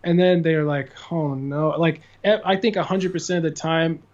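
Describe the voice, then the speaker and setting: A young man in his twenties from California, a guitarist and singer, chatting as a podcast guest, telling stories with lots of "like" fillers and quick laughs. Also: a little high, steady tone, a little mellow, lo-fi sound. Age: 20s. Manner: chatty storyteller, many "like" fillers, laughs often. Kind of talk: casual podcast conversation.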